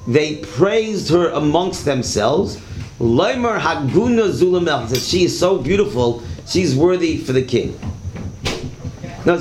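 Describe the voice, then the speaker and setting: A man's voice: on the high side, darkish tone. A man teaching a Torah class, telling stories in a conversational way and asking the class questions. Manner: conversational, repeats words, asks the class questions. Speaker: religious teacher. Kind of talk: Torah class lecture with storytelling. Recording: echoey room, faint background hiss.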